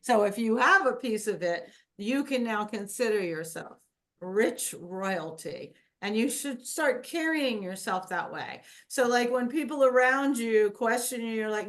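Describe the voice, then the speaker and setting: A woman's voice: medium pitch, lively intonation, unhurried, fairly bright tone. A woman leads a small wellness class and talks to the group unhurriedly. She drifts from point to point in a loose, chatty way, with plenty of ums along the way. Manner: chatty, meandering, with fillers and laughs. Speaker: wellness workshop host. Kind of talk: casual teaching to a group.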